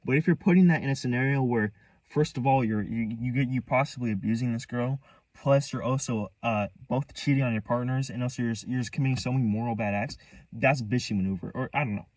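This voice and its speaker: Recorded from a distance with no room sound, this young man speaks in a brisk, mid-range, slightly mellow voice. A vlogger, he tells a meandering personal story casually, starting over and saying things twice.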